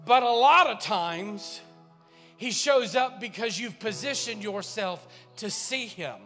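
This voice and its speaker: An impassioned male pastor preaches with a very high, bright voice, repeating phrases and building to shouts. His voice carries a long reverb from a large church sanctuary. Soft music plays faintly underneath. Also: expressive, slow. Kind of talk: sermon.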